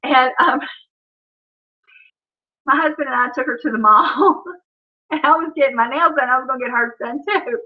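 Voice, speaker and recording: A woman's voice: sits high, moderate pace, pauses often. A woman, chatting casually on a live stream, reading comments and telling funny family stories with frequent laughter. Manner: laughs often, storytelling, says "Oh, Lord". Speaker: livestream host. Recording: dull lo-fi stream audio.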